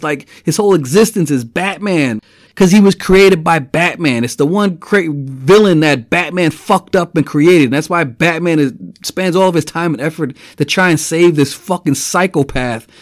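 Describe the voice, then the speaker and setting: A man's voice: medium pitch, dry recording, studio quality. A man giving a casual, profanity-laced movie review, rambling and filling his talk with "man" and "you know.". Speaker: film reviewer.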